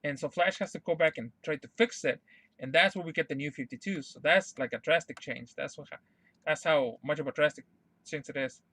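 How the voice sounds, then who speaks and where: A man's voice: fairly high pitch, fairly quick, a bit bright, no room sound. A young man streaming live, ranting to his chat in a heated, exasperated way, swearing a lot and repeating his refusals over and over. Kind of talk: unscripted rant to stream chat.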